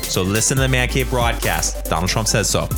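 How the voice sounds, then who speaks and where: A drunk man doing an impression of a boastful older male politician, piling up superlatives in slow, drawn-out phrases. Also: on the low side, lively intonation, over music, close to an everyday voice. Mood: blustering.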